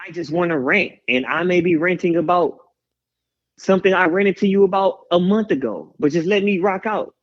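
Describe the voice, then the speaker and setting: A man in his thirties talks in a bright, slightly raised voice that bounces all over. He rambles with hype-man energy. The audio is a bit dull and lo-fi. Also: a little high. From Houston, Texas. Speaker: guest musician. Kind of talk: candid interview talk.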